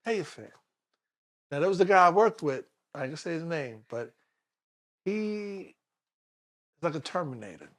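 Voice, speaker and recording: A man, a detective telling stories in a relaxed interview. His voice sits high for a man, and he slips into other people's voices as he tells his stories. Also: moderate pace, long pauses. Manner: animated storyteller, acts out other people's voices. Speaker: retired police detective, guest. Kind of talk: casual storytelling interview.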